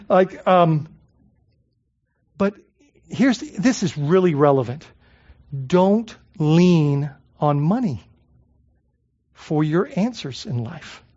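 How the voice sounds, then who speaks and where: A man's voice: sits high, a little mellow. A male pastor preaching a sermon in a conversational way, asking the congregation rhetorical questions and often repeating words as he searches for phrasing. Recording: dull lo-fi recording.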